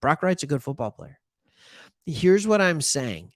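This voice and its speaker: A man's voice: fairly high pitch, a little slow, no echo, clean studio sound. A man from Michigan hosting a sports talk show, chatting casually and animatedly with joking asides. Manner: animated, joking asides, plays imagined callers.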